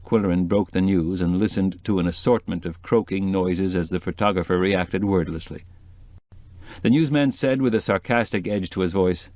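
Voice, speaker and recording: A man reading a mystery novel aloud as audiobook narrator, expressive storytelling. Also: low voice, moderate pace, no room sound. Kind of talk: scripted narration.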